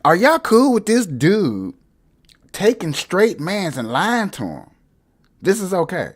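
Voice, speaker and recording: A man hosting a casual live stream, addressing viewers directly in a loud, mocking way. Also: high-pitched, huge pitch swings, takes it slowly.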